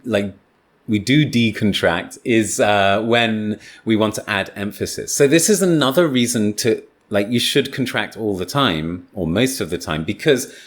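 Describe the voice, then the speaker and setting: A man teaching English pronunciation in a relaxed, chatty way, with many fillers and restarts. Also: on the low side. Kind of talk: casual spoken lesson.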